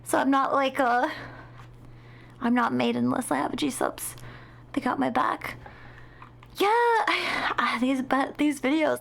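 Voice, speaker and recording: A woman's voice: high voice, measured pace, vocal fry, fairly bright tone. A tired young woman streaming from home, chatting casually in a rambling, dramatic mock-complaining way with a sleepy voice. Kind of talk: casual live-stream chat.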